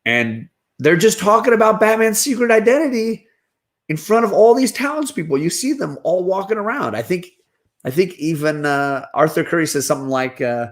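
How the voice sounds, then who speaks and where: A man's voice: a little high, expressive, normal speed. A middle-aged man, a father, chatting casually about films with his daughters, rambling with restarts and fillers. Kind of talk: casual chat.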